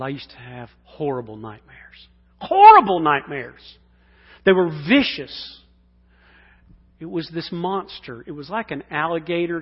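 A man's voice: medium pitch, husky. Impassioned preacher man in a reverberant hall. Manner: swings from hushed near-whispers to loud impassioned shouting. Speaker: pastor. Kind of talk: sermon. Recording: dull sound in a long-reverb hall.

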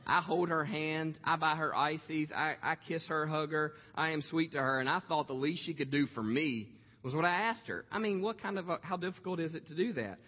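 A man in his thirties, a pastor telling a personal story in a sermon, speaking slowly and warmly with frequent pauses. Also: a little high. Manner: slow, heartfelt, many "um" pauses. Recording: echoey hall, dull lo-fi sound.

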